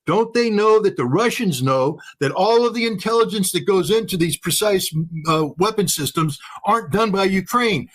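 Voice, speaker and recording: An older man giving fast, emphatic political commentary as a guest, with lots of repetition. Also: high voice. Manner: emphatic, rapid, repetitive phrasing.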